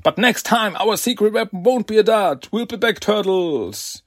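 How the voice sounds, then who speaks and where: A man voicing a gloating male alien villain boss in a comic recap, with a husky voice. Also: sits high, expressive, normal speed, dry recording, studio quality, voice pushed up.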